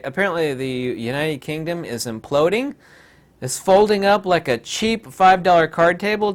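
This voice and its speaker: A man hosting a rambling, sarcastic commentary video, full of digressions and mocking asides. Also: a little high.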